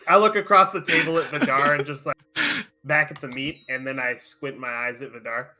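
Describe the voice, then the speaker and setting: A man's voice: mid-range voice, fairly quick, sharp tone, faint music behind. A man playing a tabletop game, describing his character's actions in a laid-back way. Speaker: player. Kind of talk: casual chat, in-character role-play.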